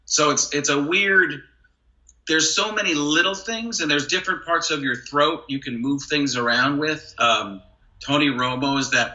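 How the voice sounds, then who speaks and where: Man, comedian guest, animated chat, forceful tense tone, muffled audio. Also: on the high side, moderate pace. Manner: animated, jumps into brief celebrity impressions. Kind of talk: casual podcast chat with quick impression demos.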